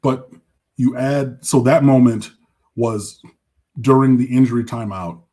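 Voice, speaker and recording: Husky, emotional man talking sports. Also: medium pitch, steady tone, measured pace, dark tone. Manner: emotional, effusive, rambling with restarts. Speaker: podcast co-host. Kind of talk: casual sports podcast chat.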